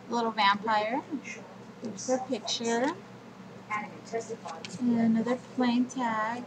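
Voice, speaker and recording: A woman's voice: fairly high pitch, noisy background. A woman walking viewers through her scrapbook pages in a homely show-and-tell video. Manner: slow, homely walkthrough of pages. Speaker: crafting vlogger.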